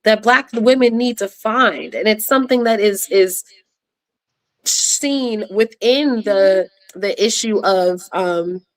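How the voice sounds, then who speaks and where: As a guest in a relaxed online panel discussion, a woman with a mid-range voice talks frankly and directly. She throws in fast asides and sometimes starts her sentences over.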